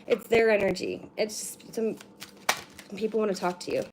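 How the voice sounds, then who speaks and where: A woman at home gives a loose, chatty card reading, drifting between tangents and dropping casual swears and filler words. Her voice sits at an ordinary middle pitch, and shuffling cards and clicks come through noisily behind her. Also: fairly even intonation, moderate pace, a little hiss or hum. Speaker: card reader.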